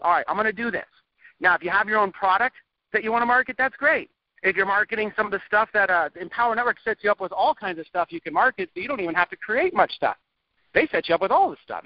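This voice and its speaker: Guy coaching online marketing, kinda high voice, chatty and restless, dry muffled recording. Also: dry recording. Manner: energetic, rambling, laughs often, many restarts. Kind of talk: recorded training lesson.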